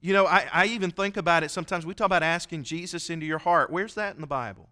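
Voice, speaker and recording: A man's voice: a little high, fast talker, pushed and bright. A man preaching a sermon, telling a story in an earnest, folksy way. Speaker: pastor. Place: church.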